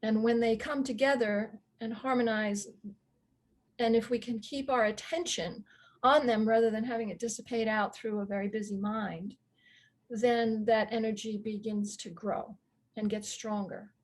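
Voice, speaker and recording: A woman guest astrologer talking thoughtfully in an interview, with soft laughs and frequent pauses. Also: a little high, fairly even intonation. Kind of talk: reflective interview talk.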